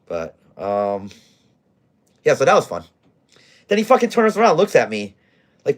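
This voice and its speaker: A man's voice: medium pitch, very animated, normal speed. A man who manages a bar, telling a rowdy story in blunt, profane casual talk. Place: bar in Scranton, Pennsylvania.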